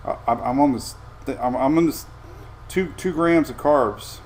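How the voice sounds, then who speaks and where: A middle-aged man hosting a casual live weather show, rambling and easygoing with excitable asides. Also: medium pitch, normal speed, a little hiss or hum.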